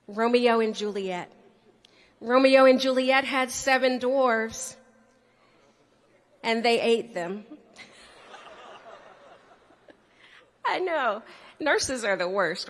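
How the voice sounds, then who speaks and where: Lady telling a funny story onstage, slow and teasing, long echo from a big hall. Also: fairly high pitch, a bit bright. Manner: playful, speaks to the crowd directly. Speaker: speaker at a student forum. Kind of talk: storytelling speech to an audience. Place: large hall.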